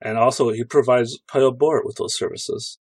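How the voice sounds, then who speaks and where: A man's voice: medium pitch, steady tone, a little mellow, slightly rough, dry recording. A man voicing a guarded male noble ruler who speaks formally and measuredly in a tabletop role-play game. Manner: measured, formal, slow speech.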